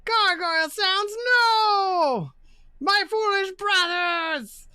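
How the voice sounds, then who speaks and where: A woman voicing a bunch of squabbling, dim-witted stone gargoyles in a tabletop game, with high, drawn-out, theatrical outbursts. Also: lively intonation, pushed and bright, no echo, studio quality, full character voice. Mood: anguished.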